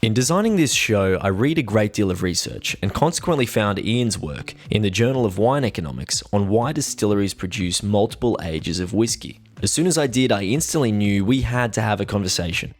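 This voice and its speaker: A man's voice: on the low side, animated, brisk, hardly any pauses. Australian man hosting a podcast. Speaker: podcast host. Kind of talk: podcast interview.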